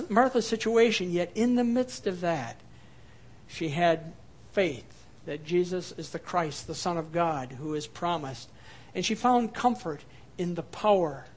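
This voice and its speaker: A male pastor preaching a sermon, moving from lively acted-out quotes to soft, low, quiet passages. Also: normal speed. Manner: dynamic preaching, acts out quoted voices, drops to soft low tones.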